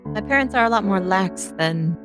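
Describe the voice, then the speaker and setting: A charming young duke, genteel and easygoing, voiced by a woman in a role-play. He reassures gently. Soft music runs faintly behind. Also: medium pitch, lively intonation, normal speed, natural voice. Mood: reassuring.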